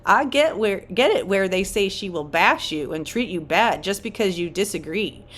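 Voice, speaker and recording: A woman's voice: medium pitch, expressive, moderate pace, a bit bright. A woman voicing a chatty, defensive female online commenter in a put-on Southern US accent, rambling through long run-on sentences.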